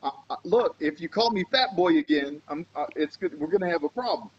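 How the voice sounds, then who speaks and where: Laid-back comic, big and easygoing, deadpan, fairly high voice, dull lo-fi audio, as a man imitates him. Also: brisk, breathy edge. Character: big easygoing male comedian, impression.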